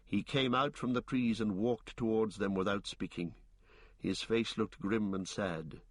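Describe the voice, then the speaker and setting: A man narrating an audiobook in a measured, deliberate way. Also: on the low side, dry recording. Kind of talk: audiobook reading.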